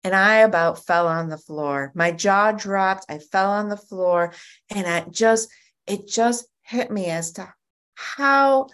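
A woman giving a personal testimony at a recovery group meeting over a video call, telling her story in an animated way with frequent restarts. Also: mid-range voice, slow, clear, resonant tone.

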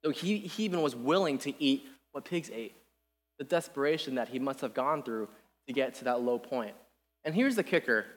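A young man giving an earnest, casual sermon, animated and full of restarts. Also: mid-range voice, moderate pace, soft background music. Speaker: preacher. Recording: long reverb in a hall.

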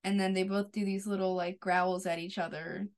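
A woman co-hosting a podcast, casually retelling an episode's scenes in long runs that trail off quietly. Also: mid-range voice, level tone, moderate pace. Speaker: podcast co-host. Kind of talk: casual chat recapping a TV episode.

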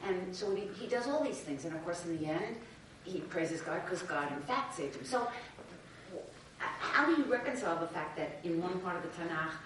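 A woman student asking the teacher a question in class, halting and searching, often restarting her sentences. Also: on the low side, animated, fairly bright tone, very echoey, recorded from a distance, slight background noise, rough recording.

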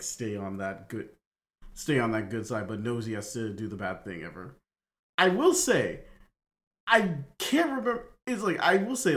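Man, podcast co-host, rambling, self-deprecating, casual chat, average pitch. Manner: rambling, many fillers and restarts, laughs at himself.

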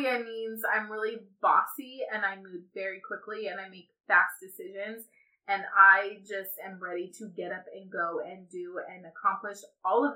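A woman's voice: medium pitch, pushed and bright, rough recording. A woman hosting her own podcast, talking candidly and casually to listeners and laughing often. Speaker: podcast host. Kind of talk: casual solo podcast chat.

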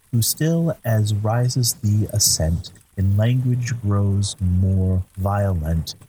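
A man reciting a comic narrative poem in a measured, rhythmic way. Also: fairly low pitch, a little mellow, slight background noise, low-quality recording. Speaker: reader.

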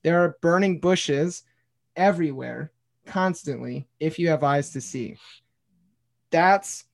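A man's voice: a little high, slow, vocal fry. A man, a former pastor turned bartender, earnestly telling a personal story in a casual podcast conversation, swearing now and then and saying "dude" and "like". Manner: earnest storytelling, reading aloud his own journal.

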